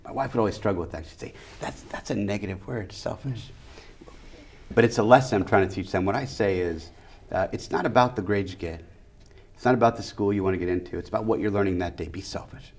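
A middle-aged man with a very low, deep voice, talking as an educator in an interview. He hammers his points home, stacking short phrases into rhythmic lists. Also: fast talker, a little mellow. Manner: emphatic, repeats key phrases in rhythmic lists. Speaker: educator and school leader. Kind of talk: interview conversation.

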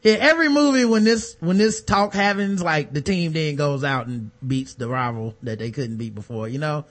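A man's voice: fairly high pitch, moderate pace. A man on a podcast panel, casually telling comedic stories and laughing as he goes. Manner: animated, laughing storyteller.

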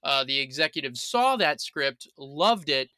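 A man's voice: medium pitch, expressive, a little slow, bright, forceful tone, no room sound, studio quality. A man talking as a guest on a film podcast in a chatty way, with many uhs and restarts. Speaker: podcast guest and news writer. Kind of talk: casual podcast chat.

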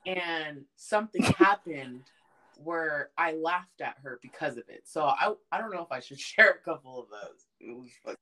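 A young woman co-hosting a podcast, telling family stories in a casual, profane, animated way, often laughing and breaking into loud outbursts. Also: sits low, normal speed, a little hiss or hum. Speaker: podcast co-host. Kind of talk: casual chat.

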